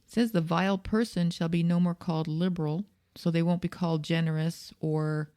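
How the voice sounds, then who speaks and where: Woman co-host, lowish voice, dry close sound, calm and brief. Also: a little fast, no echo. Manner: calm, brief agreeing replies. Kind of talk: casual talk-show banter, reading scripture.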